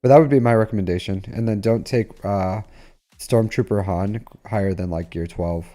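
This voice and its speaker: A man's voice: lowish voice, normal speed, mellow. A man streaming a game live, chatting casually with viewers in a rambling way full of fillers. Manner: rambling, filler-heavy, talks to chat.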